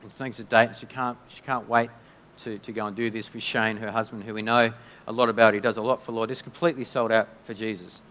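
A man preaching a sermon in a conversational, halting way, often restarting his sentences. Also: lowish voice, level tone, fairly bright tone. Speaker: pastor. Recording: long hall reverb.

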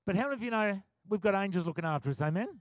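A middle-aged pastor delivers a sermon in an easy, conversational storytelling manner and often breaks into a laugh. His voice sits fairly high for a man. The sound is dry and close, with no room echo. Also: animated, very fast.

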